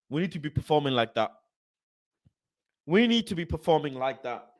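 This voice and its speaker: Speaking at normal speed with frequent pauses, this young fan channel host has a fairly high voice. He animatedly reads viewer comments on his football live stream, swearing freely, repeating himself and using London slang, in clean studio sound with no room noise.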